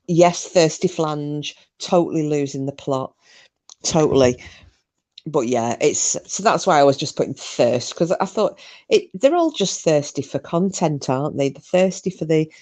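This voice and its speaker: A woman's voice: sits low, darkish tone. A woman hosting a live stream, chatting casually, gossipy and sweary, reading out comments.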